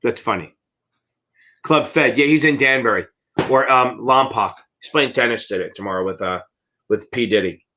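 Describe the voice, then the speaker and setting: A man's voice: medium pitch, moderate pace, bright, forceful tone. A middle-aged American man teaching exam prep in a live Q&A, blunt and rambling, with frequent swearing.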